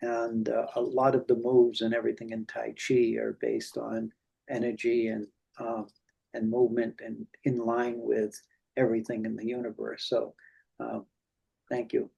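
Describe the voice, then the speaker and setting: A man's voice: mid-range voice, monotone, a little slow, vocal fry, pauses often, warm tone, husky. A man on a group video call, speaking hesitantly with many fillers. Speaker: group participant. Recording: dull lo-fi call audio.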